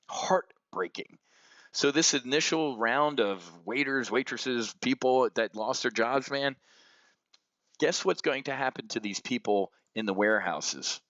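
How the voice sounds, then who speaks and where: A man's voice: on the low side, animated, normal speed, a bit bright, no echo, muffled recording. A man hosting an options trading show, giving blunt, heated market commentary that swings between outrage and somber reflection. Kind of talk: unscripted market commentary rant.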